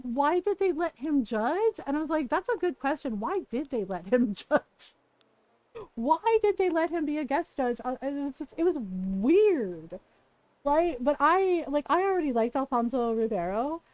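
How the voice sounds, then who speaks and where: High-voiced woman telling a story on stream. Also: dry recording, low-quality recording. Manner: animated storytelling, quotes others, laughs often. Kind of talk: casual livestream chat.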